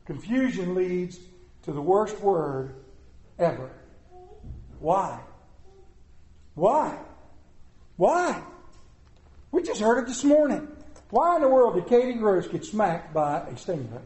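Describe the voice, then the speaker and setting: A middle-aged man preaching a sermon, with dramatic pauses and repetition. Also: sits high, sing-song, a little mellow. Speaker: pastor. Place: church sanctuary. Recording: echoey room.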